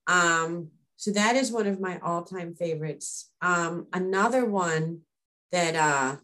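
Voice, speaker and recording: A woman in casual conversation, telling personal stories in a chatty, animated way. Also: on the low side, slow. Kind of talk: casual chat.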